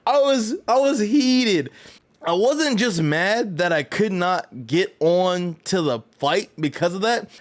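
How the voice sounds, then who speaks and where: A man telling a story in a casual vlog, animated and profane, full of slang and rambling asides. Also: high-pitched. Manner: loose, rambling delivery with frequent "right?". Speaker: fighting game vlogger.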